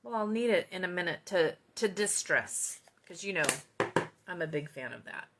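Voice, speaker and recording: A woman with a bright, forward voice talks through a stamping tutorial in a loose, chatty way. She wanders into self-deprecating asides and keeps the tone casual, as if working at her own craft desk. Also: lowish voice, lively intonation, normal speed, slight background noise. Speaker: card-making demonstrator. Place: home craft desk with wood surface.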